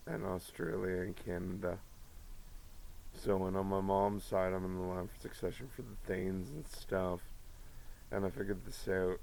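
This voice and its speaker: A man's voice: sits low, vocal fry, a little mellow, slight background noise, rough recording. A man talking to his viewers in a rambling monologue, profane and jumping from one topic to the next. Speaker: vlogger.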